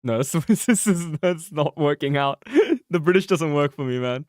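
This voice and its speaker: A young man chats through a game stream with loose, joking energy and plenty of swearing. His voice swings widely in pitch and sits a little high. The sound is dry and close, from a mic that peaks. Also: normal speed, no echo. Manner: animated, swearing, laughing, joking. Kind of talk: casual gameplay commentary. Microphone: close mic, peaking loud.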